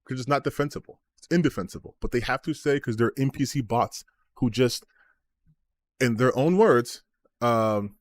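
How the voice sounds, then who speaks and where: A man's voice: mid-range voice, moderate pace, no room sound. Exasperated, sarcastic male streamer ranting. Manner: sarcastic, exasperated, swears freely. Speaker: gaming streamer. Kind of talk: ranting commentary on comments.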